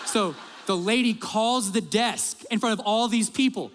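A middle-aged man preaches, telling his story with animated, conversational energy and talking straight to the listeners. His voice sits high for a man. The sound carries the long tail of a large hall. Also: measured pace, slight background noise. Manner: animated, conversational, addresses the congregation directly. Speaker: pastor. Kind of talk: storytelling sermon.

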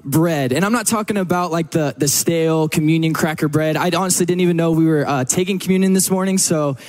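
A man's voice: on the high side, fast talker, a little mellow, soft background music. A man from Texas, preaching a sermon to a church in a casual, joking storytelling manner. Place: church service.

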